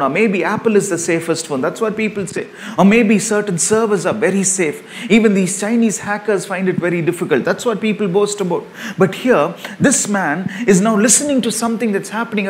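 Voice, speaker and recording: A man preaching a sermon as pastor, animated, with rising emphasis and laughter. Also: high-pitched.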